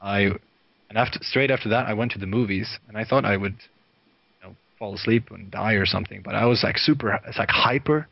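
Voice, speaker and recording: A man from Sweden, a guest video director, telling lively anecdotes in casual chat and laughing often. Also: lowish voice, brisk, gravelly, no room sound. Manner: lively storyteller, laughs often, many fillers. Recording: dry, dull lo-fi sound.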